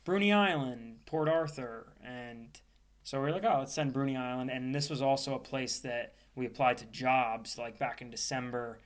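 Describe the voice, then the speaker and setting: A man's voice: mid-range voice, normal speed. Laid-back young American man chatting. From United States. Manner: relaxed, laid-back, lots of fillers. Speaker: podcast co-host. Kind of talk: casual chat.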